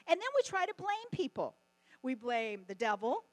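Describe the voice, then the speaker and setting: A middle-aged woman giving a testimony sermon at a conference, telling stories in an animated way and often laughing. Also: a little high, normal speed, no room sound, low-quality recording. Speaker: conference speaker.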